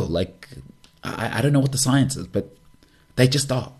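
A man's voice: lowish voice, animated, normal speed, a little mellow, husky. A man, a podcast host rambling through a casual monologue full of jokey asides. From South Africa.

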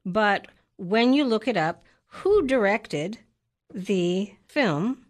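A woman's voice: mid-range voice, expressive, very slow. A middle-aged woman co-hosting a casual chat, matter-of-fact and a bit insistent, with dry remarks.

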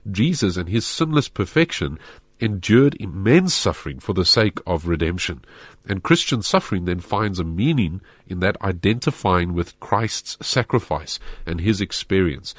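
A man's voice: low-pitched, lively intonation, normal speed, no echo. A man, a pastor earnestly explaining faith questions in a studio discussion. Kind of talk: Christian talk show discussion.

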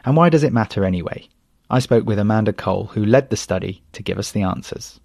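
A man with a Standard Southern British English accent narrating a scripted report in a crisp, measured read. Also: fairly low pitch, animated, a little mellow, no room sound, studio quality.

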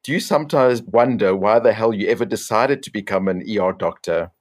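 A man interviewing a guest, reading measured, prepared questions. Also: fairly low pitch.

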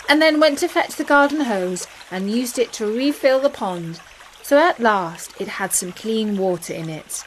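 A woman narrating a children's story in a gentle, expressive way. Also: on the high side, measured pace, a little hiss or hum.

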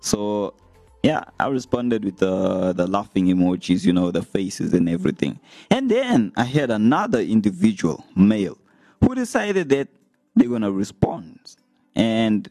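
A young man talking casually to his viewers as a vlogger, retelling comments with animated, laughing delivery. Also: lowish voice, unhurried, no room sound, soft background music. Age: young adult. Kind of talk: casual storytelling to camera.

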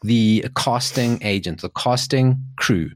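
A man in his forties co-hosting a podcast, telling stories in casual chat, excitable, with many restarts. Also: slow, no echo. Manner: animated storyteller, jumps in pitch, restarts often. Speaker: podcast co-host.

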